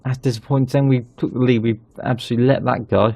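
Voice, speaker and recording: Male gaming host, gravelly and mellow, dry close sound, chatty commentary. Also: medium pitch, fast talker, dry recording. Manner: chatty, excitable when goals go in. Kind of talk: casual game commentary.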